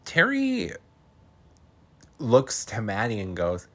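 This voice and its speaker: A man's voice: on the low side, huge pitch swings, slow pace, pushed and bright. A man hosting a podcast, recapping a horror film in casual chat, laughing often, swearing freely and throwing in dramatic asides.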